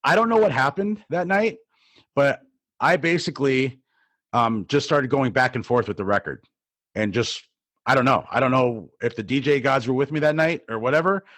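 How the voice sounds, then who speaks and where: A man's voice: mid-range voice, normal speed, a bit bright, dry recording. A middle-aged man from New Jersey, co-hosting a podcast and telling a rambling story full of fillers and restarts. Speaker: podcast co-host, DJ. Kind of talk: casual storytelling.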